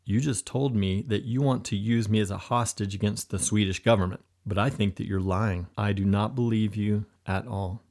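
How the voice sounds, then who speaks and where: A man's voice: lowish voice, steady tone, moderate pace, hardly any pauses, darkish tone, natural voice. A man voicing an earnest young spy recruit. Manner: polite, formal, earnest.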